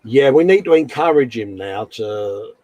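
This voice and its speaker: A man's voice: medium pitch, animated, a little slow, a little mellow, rough recording. A man hosting a live hobby stream in casual chat, laughing often and calling everyone mate.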